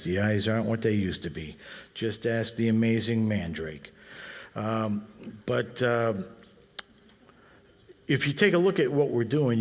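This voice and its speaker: A middle-aged man leading a band and explaining jazz phrasing in a relaxed, talky way, scatting rhythms aloud. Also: mid-range voice, in a large hall. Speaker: bandleader and guitar teacher. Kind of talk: explaining music in a clinic.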